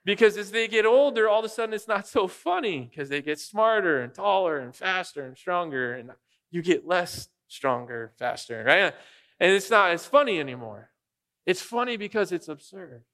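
This pastor's voice sits high and a bit bright, with a sing-song lilt at normal speed. A father of young children, he preaches in a relaxed, joking manner and often puts questions to the congregation.

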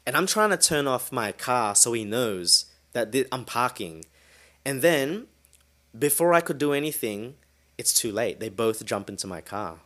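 A man hosting a solo podcast, telling a story in a casual, animated way and swearing freely. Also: mid-range voice, moderate pace. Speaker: podcast host.

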